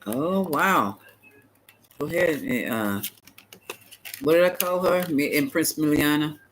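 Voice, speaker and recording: A man giving a live-stream tarot reading, chatty and animated, talking back to viewers and laughing often. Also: fairly high pitch, takes it slowly, slight background noise, poor audio. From United States. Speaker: tarot reader.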